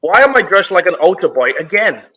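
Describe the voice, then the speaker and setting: Man, comedian panelist, high bright voice, blunt dark one-liners. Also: big pitch swings, brisk, poor audio. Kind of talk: improv comedy game show answers.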